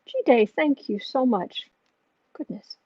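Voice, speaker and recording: A woman with a husky, breathy voice muses through an astrology and tarot reading on a casual livestream. The sound is close and dry, with a dull, lo-fi edge to the stream audio. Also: a little high, expressive, slow, no echo. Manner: musing, thinking aloud.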